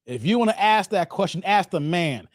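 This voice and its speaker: A man hosting a live stream, his voice swinging widely up and down as he laughs and banters with viewers. He jokes loudly and reacts with energy, recorded close and dry with no room echo. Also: high-pitched, moderate pace. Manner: animated, laughing, playful banter with chat. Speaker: streamer and commentator.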